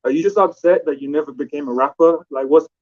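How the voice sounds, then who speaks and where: A man's voice: fairly high pitch, quick pace. A man calling in to a live stream, arguing in a confrontational way and swearing, heard through muffled lo-fi call audio. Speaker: caller. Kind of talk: heated call-in argument.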